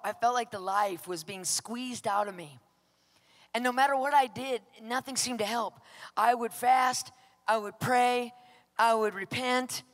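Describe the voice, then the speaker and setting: Giving a dramatic, emphatic personal testimony, a woman minister reenacts her own outbursts. Her voice sits on the high side, trailed by long reverb.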